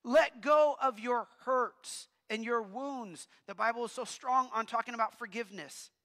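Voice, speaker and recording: Man preaching, high bright voice, casual and animated, long hall reverb. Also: measured pace. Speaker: pastor. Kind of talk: sermon. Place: church hall.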